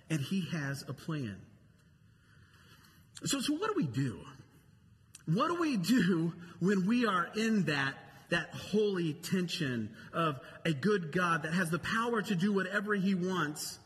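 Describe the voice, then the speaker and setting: Slow, high-voiced male pastor preaching. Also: a bit bright, long reverb tail. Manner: conversational preaching, repeats key phrases for emphasis. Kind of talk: sermon.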